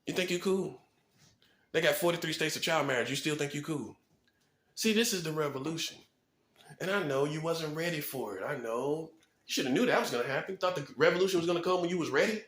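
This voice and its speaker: High-voiced man preaching in an echoey room. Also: fairly bright tone. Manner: rhetorical, fast-talking, punctuates points with "boom"; chuckles at his own points. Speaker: self-styled prophet. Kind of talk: preaching monologue to camera. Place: apartment room.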